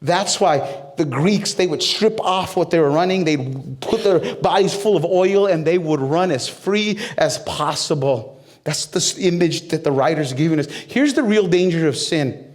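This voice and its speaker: A male pastor preaching a sermon, talking straight to the people in the room with humor and questions, and building up to loud, high-pitched climaxes. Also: animated, normal speed. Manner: conversational with humor and direct questions to the crowd.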